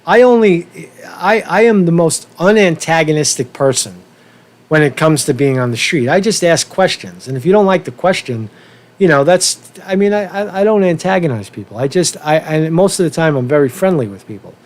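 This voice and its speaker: A man hosting a casual livestream rant, worked up and talking fast to his viewers, often repeating and restarting his words and swearing now and then. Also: a little high, animated. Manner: asks viewers for feedback, profane. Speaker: livestream host.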